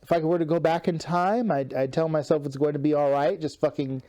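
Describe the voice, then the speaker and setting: A man's voice: a little high, steady tone, brisk, warm tone. A man giving casual commentary on an old match, rambling and restarting, laughing easily. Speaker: wrestling partner.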